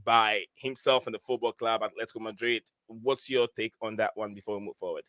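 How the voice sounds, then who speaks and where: A man hosting a live sports fan show, talking in a halting way with many fillers and restarts, from his home setup over a video call. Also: on the low side, steady tone, a bit bright, no echo. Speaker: podcast host.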